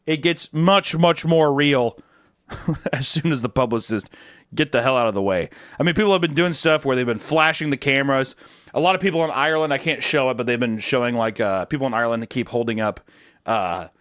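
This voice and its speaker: A young man streamer answering chat questions in casual, crude, jokey talk, jumping from loud bursts to low mumbles. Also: no room sound, studio quality.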